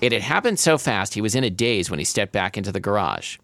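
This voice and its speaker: A man's voice: lowish voice, big pitch swings, fast, fairly bright tone. A man hosting a podcast who reads a romance novel aloud and breaks off for playful, wry asides. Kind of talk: reading aloud with joking commentary.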